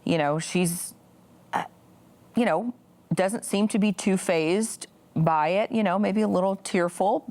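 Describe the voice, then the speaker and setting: A woman's voice: medium pitch, measured pace, darkish tone. A woman in her forties telling a personal story as an interview guest, earnest and full of "you know" fillers. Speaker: guest, pro-life activist.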